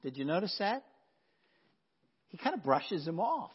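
A man preaching a sermon as pastor, earnest and emphatic, often dropping to a hush. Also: high-pitched, sing-song, measured pace, breathy edge. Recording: dull sound with long hall reverb.

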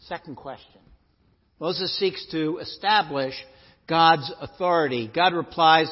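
A male pastor preaching a sermon, animated and emphatic, often asking questions of his listeners. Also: a little high, unhurried. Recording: echoey hall, dull lo-fi sound.

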